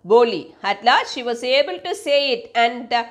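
A woman with a Malayali accent teaches an English story lesson, reading the text aloud slowly. Her voice sits fairly high. She stops often to explain words and corrects herself as she goes. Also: expressive. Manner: slow, explanatory, with fillers and self-corrections.

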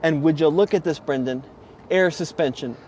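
High-voiced man reviewing cars. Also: normal speed, darkish tone, a little hiss or hum. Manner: wry, sarcastic, enthusiastic showman. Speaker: co-host presenting cars. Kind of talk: casual car review chat.

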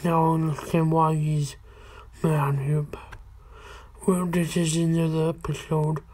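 Woman vlogging on her channel, low flat voice, halting stop-start talk. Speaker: channel host. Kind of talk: casual video chat.

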